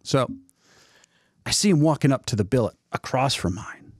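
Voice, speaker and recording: Male guest storyteller, animated, does voices, lively pitch, dry close mic. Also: normal speed, breathy edge, dry recording. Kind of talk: casual chat.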